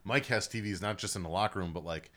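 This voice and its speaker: Podcast host, young man, low voice, bright and lively, rambling profane storyteller. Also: quick pace. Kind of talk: casual storytelling chat.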